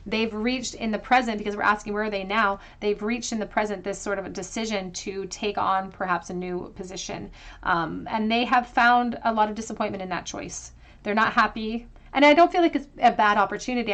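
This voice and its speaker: A woman giving a pick-a-card tarot reading to viewers, talking gently and reassuringly and thinking aloud with frequent ums. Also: mid-range voice. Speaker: tarot reader.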